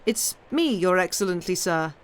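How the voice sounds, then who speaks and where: A woman's voice: fairly low pitch, animated, normal speed, natural voice. A woman voicing a servile male petty official who adds "sir" to everything. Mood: fawning. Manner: obsequious, adds "sir" constantly.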